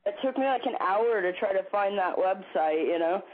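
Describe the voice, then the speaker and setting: A man's voice: sits high, expressive, normal speed, breathy edge. A young man calling in to a show, easygoing and hesitant, with lots of fillers. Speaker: caller. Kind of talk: phone call chat. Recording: tinny phone line with faint noise.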